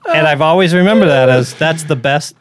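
A man's voice: fairly high pitch, brisk, dry recording. A man with a Boston accent talking with a podcast host, telling stories in an easygoing way. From Boston area. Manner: easygoing storyteller. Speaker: podcast guest. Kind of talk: casual podcast banter.

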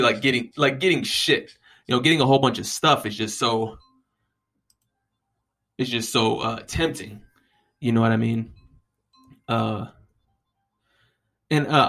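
A young man, casually rambling and joking with lots of profanity. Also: mid-range voice. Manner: profane, joking, animated storytelling.

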